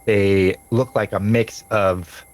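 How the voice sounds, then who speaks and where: A man narrating a tabletop game as game master, slow and descriptive with frequent laughs. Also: lowish voice, steady tone, low-quality recording.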